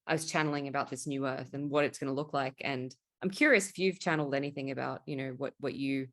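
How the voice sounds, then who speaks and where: A woman's voice: rumbling low, fairly even intonation, quick pace, a bit bright, no echo, studio quality. A woman hosting a podcast, speaking in a candid, casual chat and swearing freely. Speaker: podcast host. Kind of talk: casual conversation.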